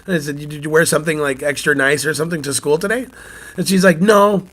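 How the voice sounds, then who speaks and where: Chatty, higher-voiced man with a cough. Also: steady tone, fast, a bit bright. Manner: chatty storyteller, laughs often. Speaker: channel host, sports-card collector and youth coach. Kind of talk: casual morning chat.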